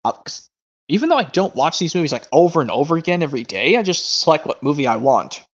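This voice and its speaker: A man hosting a casual chat stream about his movie collection, talking in a rambling way with quick asides. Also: on the high side, sing-song, slightly rough. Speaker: stream host. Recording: lo-fi stream audio.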